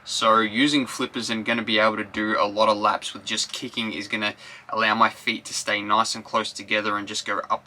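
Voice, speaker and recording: A man's voice: lowish voice, pushed and bright. A young man vlogging his triathlon training and explaining workouts with upbeat coaching tips. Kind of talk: casual vlog narration. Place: outdoors on a run, by a river park.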